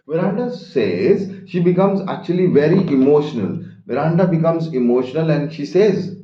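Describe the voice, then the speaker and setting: Male teacher, reads and paraphrases lines, animated pitch, echoey lo-fi recording. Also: normal speed, few pauses. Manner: reads quoted lines then paraphrases them. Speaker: English teacher. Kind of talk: line-by-line explanation of a play. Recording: echoey room, dull lo-fi sound.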